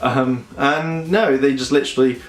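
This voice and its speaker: A man's voice: medium pitch, fairly even intonation, normal speed. A man reviewing a TV episode in a casual, rambling way, with many fillers, acting out characters' lines. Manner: rambling, many fillers, acts out quotes in voices. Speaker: show reviewer. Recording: roomy echo.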